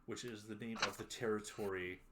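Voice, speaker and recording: A man narrating as game master of a tabletop game, unhurried and pausing often on fillers. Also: on the low side, fairly even intonation, noisy background. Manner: unhurried, many filler pauses.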